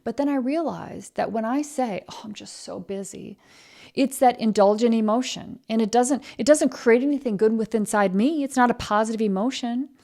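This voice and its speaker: A woman's voice: a little high, brisk, hardly any pauses, mellow. A woman hosting a podcast, giving a blunt, emphatic motivational talk about excuses and being busy. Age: adult, married. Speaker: podcast host.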